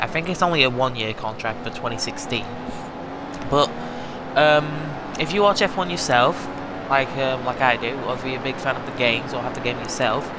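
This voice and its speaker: A man's voice: mid-range voice, very noisy. A man chatting casually as he commentates his racing gameplay, full of fillers and asides. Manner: rambling, filler-heavy chatter. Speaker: gaming video host.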